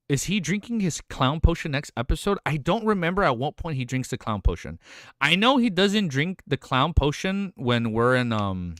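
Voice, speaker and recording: A man's voice: on the high side, sing-song, normal speed, fairly bright tone, no room sound, clean studio sound. A young adult man live-streaming, chatting casually, rambling and swearing as he reads chat aloud.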